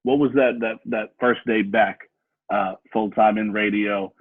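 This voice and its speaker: A man with a lowish, husky voice asks easygoing interview questions and chimes in with short replies. His voice comes through a dry, narrow, phone-like line. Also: steady tone, unhurried, no echo. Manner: easygoing, brief affirmations, laughs along. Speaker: podcast interviewer. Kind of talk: casual interview.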